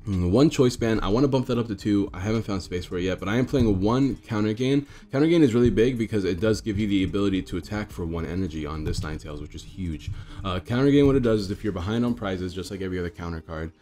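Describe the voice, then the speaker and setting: Young guy w a hoarse groggy low voice, rattling off card game commentary fast, chatty, faint music behind. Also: mellow. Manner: chatty, thinks aloud with fillers. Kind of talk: casual gameplay commentary.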